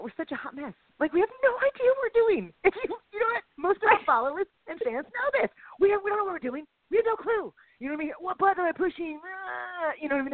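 A woman co-hosts a casual podcast, talking fast and animated and poking fun at herself. Her voice comes through a tinny phone line with no room sound. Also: extremely high pitch, no room sound. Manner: chatty, animated, self-deprecating. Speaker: podcast co-host. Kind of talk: casual chat.

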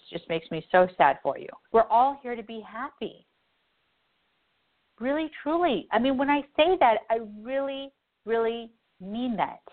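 Earnest woman host on a tinny line. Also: mid-range voice. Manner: heartfelt, repetitive, earnest. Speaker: radio show host and psychic advisor. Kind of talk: emotional spiritual talk.

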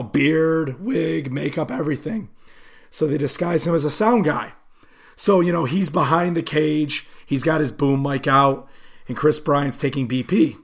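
A man co-hosting a casual sports podcast, telling stories loosely with lots of fillers. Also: fairly high pitch. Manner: loose storytelling with many fillers. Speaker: podcast co-host.

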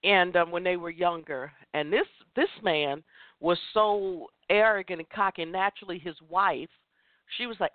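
A woman's voice: lowish voice, normal speed, no echo. A woman hosting a women's chat show, giving an impassioned motivational talk and repeating phrases for emphasis. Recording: tinny phone line, dry.

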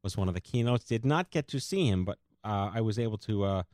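Low-voiced man hosting a podcast. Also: animated, darkish tone, no echo, clean studio sound. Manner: rambling, halting with many fillers. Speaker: podcast host, co-founder of the organization. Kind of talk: casual podcast chat.

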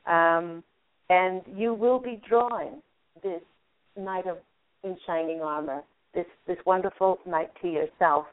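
A woman radio host giving a call-in angel card reading, gently guiding the caller through a visualization. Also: fairly low pitch, unhurried. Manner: soothing, guiding, talks listener through a visualization. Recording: narrow phone-line sound.

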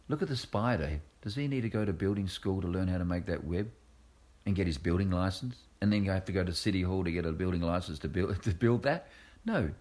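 A man from Australia, a guest entertainer telling stories in a casual interview, acting out voices as he goes. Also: deep voice. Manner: animated storyteller, acts out voices.

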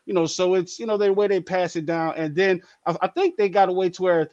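Man, high lively voice, playful sports chat, dry slightly dull recording. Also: a little fast, no echo. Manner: animated, playful, jumps to high excited outbursts. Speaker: sports talk show co-host.

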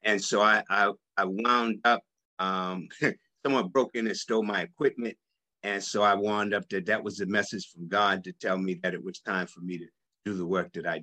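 A man's voice: fairly low pitch, pushed and bright. A man in his seventies, a guest on a radio interview, telling his story with hesitant fillers. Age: 70s. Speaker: guest, health practitioner.

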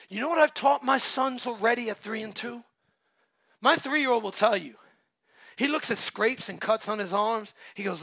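A man preaching with a very high, sharp voice and a gravelly edge. He exhorts his listeners, swinging from loud shouts to low murmurs. The sound is dry and dull. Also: moderate pace, no room sound. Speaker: pastor. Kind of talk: sermon.

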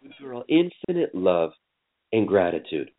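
A man leading a guided forgiveness session on a call, speaking slowly and soothingly with lots of repetition. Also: low-pitched, very animated. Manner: slow, soothing, repetitive coaching. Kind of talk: guided emotional healing session. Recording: tinny phone-line audio.

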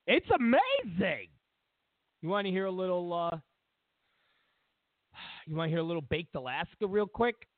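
A man's voice: a little high, no room sound. Male talk radio host, mocking rants, dry and phone-thin sound. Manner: ranting, mocking, repetitive. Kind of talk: talk radio political commentary. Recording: tinny phone line, dry.

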